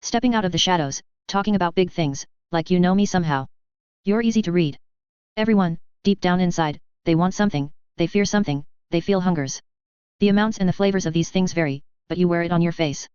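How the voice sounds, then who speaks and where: A woman voicing a blunt, skeptical young woman in an audiobook, with a low, smooth voice on a dull, dry recording. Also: fairly quick, darkish tone, no room sound, close to an everyday voice. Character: odd-accented young woman, guarded, blunt.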